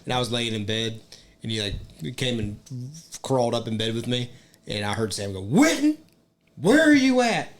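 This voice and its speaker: A young man with a somewhat low voice swaps stories on a casual podcast. He is relaxed and swears freely as he talks. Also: moderate pace. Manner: profane, laid-back storyteller. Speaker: podcast co-host. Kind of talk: casual chat.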